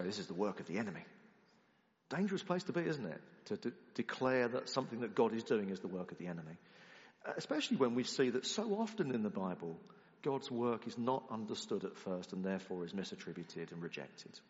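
A man preaching a sermon to a congregation, animated and conversational, moving between loud emphatic rises and quiet low asides. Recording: muffled sound in a long-echo hall.

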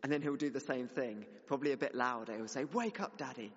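A man's voice: medium pitch, steady tone, quick pace. A young man preaching a sermon to his church, earnest and building to emphatic exhortation. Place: church hall. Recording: dull sound with long hall reverb.

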